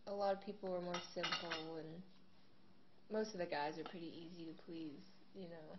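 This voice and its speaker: A woman's voice: fairly low pitch, moderate pace. Young woman, chatty storyteller, casual interview, dull lo-fi sound, background noise. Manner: animated storyteller, chatty with many fillers. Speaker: guest, singing show contestant. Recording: dull lo-fi home video with steady noise.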